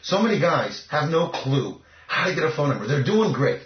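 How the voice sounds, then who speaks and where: A man's voice: a little high, very animated, moderate pace, slight background noise. A man talking as a dating coach in an interview, cocky and emphatic. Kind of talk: casual interview talk. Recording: echoey, muffled lo-fi recording.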